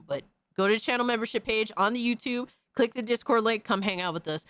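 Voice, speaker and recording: A man's voice: high voice, fast, bright, forceful tone, smooth, no room sound. A man hosting a stream, ranting in a blunt, profane and mocking way full of slang. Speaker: streamer host. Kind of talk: casual profane rant.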